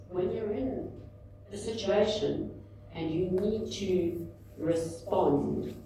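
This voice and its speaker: A woman in her fifties giving a candid, animated talk at a book launch, telling personal stories to an audience. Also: on the low side, slight background noise. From South Africa. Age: 50s. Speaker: author and speaker. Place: large indoor event room. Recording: echoey hall, mic at a distance.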